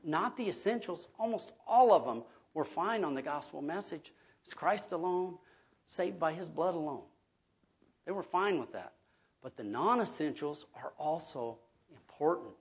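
A man's voice: fairly high pitch, animated, normal speed, husky. A man preaching a sermon as pastor, earnest and conversational, often checking in with his listeners.

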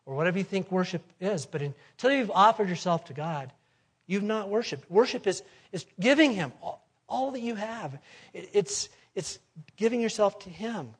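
A man preaching a sermon in a fairly high voice. He presses each point with rhetorical questions and swings from forceful to hushed. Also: breathy edge. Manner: emphatic, rhetorical questions, swings between loud and soft.

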